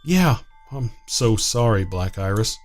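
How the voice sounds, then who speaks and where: A kind, earnest young woman who speaks gently and with feeling, as a man lifts his voice to read her. Her pitch moves a lot as she talks. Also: animated, a little slow, faint music behind.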